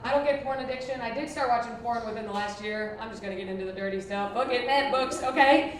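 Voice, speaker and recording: Woman comic, thirties, brash and crude, slightly high voice, live set with clear room noise. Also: quick pace. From Buffalo, New York. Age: 30s. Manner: brash, crude, self-mocking punchlines. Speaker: stand-up comedian. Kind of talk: stand-up comedy set. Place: former library used as a venue, live audience. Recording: echoey distant room mic with noise. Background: audience laughter.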